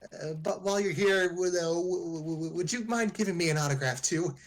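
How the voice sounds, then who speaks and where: A man voicing an excitable, starstruck young woman trainer who squeaks, gushes and stammers. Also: moderate pace, close to an everyday voice. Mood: flustered.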